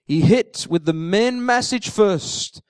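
High-voiced man preaching an animated sermon. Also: takes it slowly, no room sound. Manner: animated storytelling, acting out the characters' words; repeats key phrases for emphasis. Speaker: pastor.

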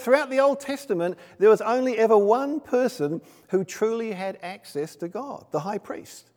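A man's voice: high voice, darkish tone. A man preaching a sermon in a church, conversational and full of rhetorical questions and personal stories. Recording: long reverb of a large hall.

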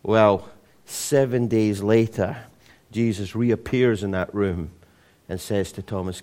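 A man's voice: lowish voice, slow pace, warm tone. Chatty man preaching with humour. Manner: conversational, humorous storytelling with many restarts. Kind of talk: sermon.

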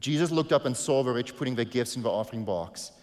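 Male pastor, mid-pitched, earnest sermon delivery, echoing sanctuary sound. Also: lively intonation, fast. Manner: earnest, shifts from hushed to emphatic.

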